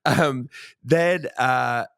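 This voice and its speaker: A man from Ireland in his thirties, hosting a podcast and telling animated dating stories in casual chat, swearing freely. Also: medium pitch, very slow, creaky, slight background noise. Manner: animated storytelling, swearing, frequent "like". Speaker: podcast host.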